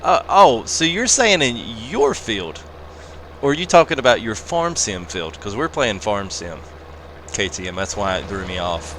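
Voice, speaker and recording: A man's voice: lowish voice, expressive, normal speed. A man hosting a live game stream, chatting casually and joking while reading out chat comments. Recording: loud game engine noise behind.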